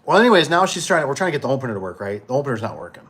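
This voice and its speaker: A man's voice: mid-range voice, very animated, rapid-fire, a bit bright. A man who runs a garage door business, telling work stories in a casual, rambling way with many fillers and restarts. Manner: rambling, full of fillers and restarts, acts out quotes. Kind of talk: casual storytelling chat.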